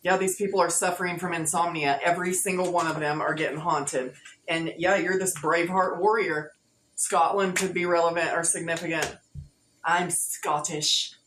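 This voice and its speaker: A woman with a lowish voice chats her way through a tarot reading, playful and slangy. The sound is roomy and echoey, with a faint hum of ambience behind her. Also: fairly even intonation, fairly quick. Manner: playful, laughing, slangy, sings snatches of songs. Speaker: tarot reader.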